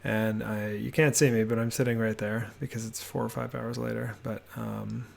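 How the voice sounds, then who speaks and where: Gravelly relaxed man narrating a house tour. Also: medium pitch, moderate pace. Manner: relaxed, rambling, many fillers and restarts. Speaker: homebuilding vlogger. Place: home office.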